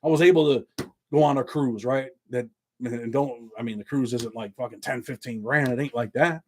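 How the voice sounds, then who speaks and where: A man's voice: mid-range voice, normal speed, darkish tone, a little hiss or hum. A middle-aged man hosting his own channel, talking to viewers in a blunt, streetwise and profane way. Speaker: YouTube channel host. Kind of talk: casual monologue to viewers.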